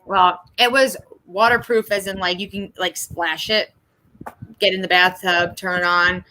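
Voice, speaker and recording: Bright-voiced woman telling blunt, profane stories. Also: on the low side, unhurried, rough recording. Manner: blunt, profane storytelling with animated re-enacted quotes. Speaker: host. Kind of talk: candid casual live chat.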